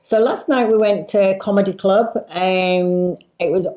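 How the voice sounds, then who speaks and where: A woman from Leeds with a northern English accent, co-hosting a casual chat with enthusiastic, halting talk. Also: mid-range voice, steady tone, dark tone. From Leeds, England. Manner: chatty, enthusiastic, halting with fillers. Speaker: co-host.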